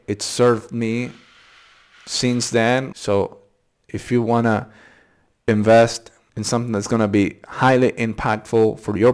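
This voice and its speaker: A man hosting a casual, unscripted pronunciation lesson, repeating tricky words slowly syllable by syllable and thinking aloud as he goes. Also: on the low side, clear, resonant tone. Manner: thinks aloud with fillers and restarts. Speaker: English pronunciation channel host.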